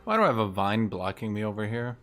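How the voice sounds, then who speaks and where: A man's voice: on the low side, sing-song, quick pace, fairly bright tone, faint music behind. A man giving casual commentary while playing a strategy game, with wry, exasperated asides. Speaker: gaming streamer.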